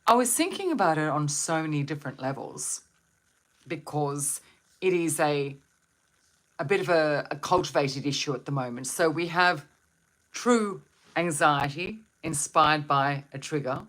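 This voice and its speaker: Slow, low-voiced woman host. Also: lively intonation, a bit bright. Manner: slow, soothing, reflective, asks viewers questions. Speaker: meditation and wellbeing host. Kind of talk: live-stream talk to viewers.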